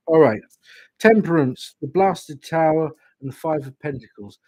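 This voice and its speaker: Man from England, husky, dry close sound, tarot reader, slow musing, chatty asides. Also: fairly high pitch, dark tone, no echo, rough recording. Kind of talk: livestream tarot reading chat.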